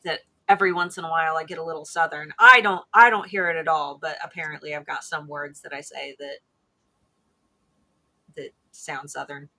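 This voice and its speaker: A woman with an Ohio accent chats loosely on a livestream, circling back and restarting as she goes. Her voice is bright and forward. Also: deep voice, steady tone, brisk. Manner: chatty, rambling with restarts. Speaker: co-host. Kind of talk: casual livestream chat.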